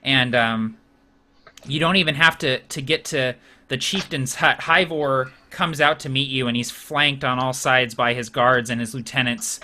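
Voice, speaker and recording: A man's voice: medium pitch, unhurried, bright, forceful tone, a little hiss or hum. A man narrating a tabletop game as game master in a casual way, with frequent fillers and restarts.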